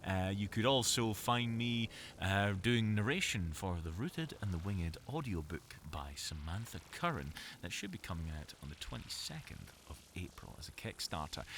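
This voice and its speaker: Lively self-mocking Scottish man. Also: fairly low pitch, slight background noise. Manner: self-mocking, chatty, waffling. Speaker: voice actor. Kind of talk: recorded game dialogue, rambling monologue. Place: small cupboard recording booth.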